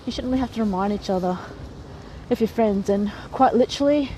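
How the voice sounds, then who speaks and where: A woman's voice: mid-range voice, a little fast, mellow, low-quality recording. Woman vlogger, frank and chatty, straight-talking advice, light laughs, faint noise behind. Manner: chatty, frank, often laughs mid-sentence. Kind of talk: casual advice talk to camera.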